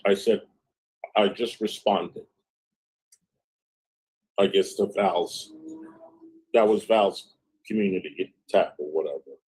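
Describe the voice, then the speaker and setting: A man's voice: sits low, slow, long pauses, darkish tone, breathy edge, low-quality recording. A man hosting a livestream, reading out a long exchange of private messages with frequent "I said, she goes" narration and casual, profane asides. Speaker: livestream host.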